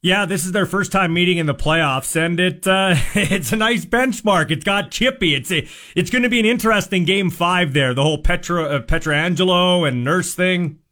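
Man, sports radio host, high voice, dry studio sound, casual filler-heavy chat. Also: bright, forceful tone, no echo. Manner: quick, chatty, loose with fillers.

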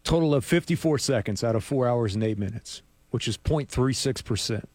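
A man's voice: mid-range voice, expressive, fairly quick, a little mellow, dry recording. Chatty, laughing sports show co-host man. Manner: chatty, laughs often, rambling asides. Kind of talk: casual sports talk. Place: radio studio.

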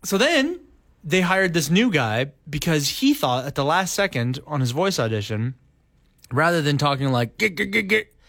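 Animated Canadian man on a podcast. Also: normal speed, dry recording, clean studio sound. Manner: animated, jokey, jumps into silly high voices. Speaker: podcast co-host. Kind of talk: casual podcast chat.

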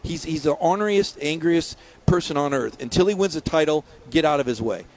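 Fired-up man ranting about football. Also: fairly high pitch. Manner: emphatic, rapid-fire ranting with repeated words. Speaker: guest sports writer. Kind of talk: phone-in sports radio interview.

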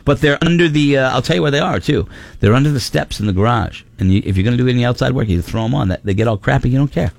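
A man's voice: medium pitch, racing, gravelly, no room sound. A middle-aged man hosting a radio show, bantering casually, joking and laughing often.

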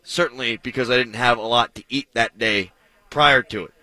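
Sports radio guy, bright edgy voice, punchy and kinda self-mocking, right on the studio mic. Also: mid-range voice, moderate pace, no room sound, low-quality recording. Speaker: sports talk radio host. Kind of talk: sports talk radio monologue.

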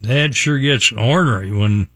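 A man's voice: mid-range voice, a little slow, fairly bright tone, breathy edge, no echo. An older man from West Virginia hosting a casual morning radio show, folksy and chuckling as he reads out examples. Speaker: radio host. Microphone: studio microphone.

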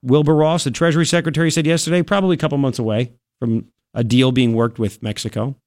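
A man hosting a talk radio show, giving sarcastic and animated commentary from a studio. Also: fast, dry recording. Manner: sarcastic, animated, jumps between high and low tones. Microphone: studio mic.

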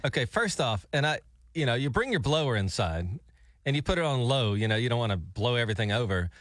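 A man's voice: mid-range voice, big pitch swings, quick pace, fairly bright tone, dry recording, studio quality. A man hosting morning radio, talking in a playful, insistent way. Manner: playful, insistent, laughs easily. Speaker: radio host.

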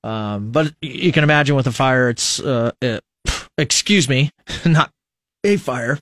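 A man's voice: medium pitch, expressive, measured pace, fairly bright tone, no room sound. A middle-aged man from the United States hosting a local radio show in a studio, rambling in a casual, self-mocking way and laughing at his own slips. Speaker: radio host. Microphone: studio microphone.

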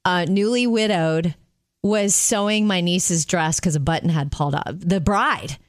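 A middle-aged woman co-hosting a show, telling stories in a lively, animated way. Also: fairly low pitch, no echo, studio quality. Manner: animated storytelling, quick asides. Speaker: radio show co-host. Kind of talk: casual chat.

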